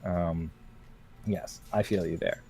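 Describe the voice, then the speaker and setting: A young man co-hosting a crafting livestream, chatting casually in a jokey, animated way with frequent restarts. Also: low-pitched, slow pace, slightly rough, no room sound.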